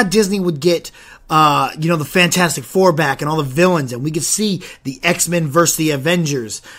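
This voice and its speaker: A young man hosting a solo podcast, talking in an animated, rambling way with frequent restarts and stumbles. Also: on the high side. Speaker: podcast host.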